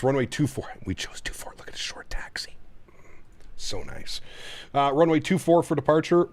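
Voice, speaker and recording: A man's voice: on the low side, a little mellow. A man from Canada hosting a casual live flight-sim stream, cooing to his dog and talking through cockpit setup steps.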